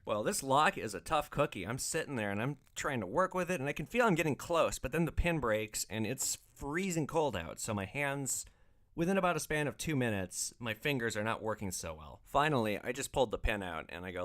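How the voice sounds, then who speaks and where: A man's voice: medium pitch, lively intonation, brisk, a bit bright. A man hosting a podcast, telling stories casually with loose, profane phrasing and lots of filler words. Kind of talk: casual storytelling.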